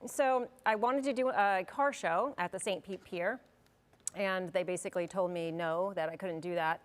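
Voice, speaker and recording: A woman's voice: on the low side, normal speed. A woman being interviewed as a guest in a studio, friendly and plain-spoken, laughing now and then. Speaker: festival organizer guest.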